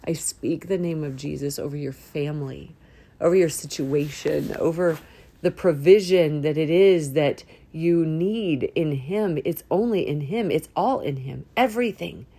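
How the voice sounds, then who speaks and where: A woman hosting a faith podcast, praying aloud in a heartfelt, informal way, with sudden rises and slow drawn-out words. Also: low voice, dark tone, slightly rough. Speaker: podcast host. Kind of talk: spoken prayer and encouragement. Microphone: audio only, no camera.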